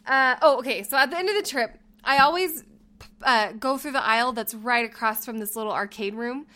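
Woman on a podcast telling a story, bright lively voice, acts out the quotes, laughs a lot. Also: a little high, brisk. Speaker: podcast co-host. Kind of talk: casual storytelling chat.

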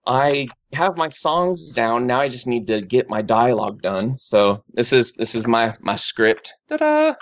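A man with a mid-range voice talks at a measured pace with few pauses, catching his friends up on his news in a casual group chat full of restarts and fillers. The dull lo-fi recording has no room sound.

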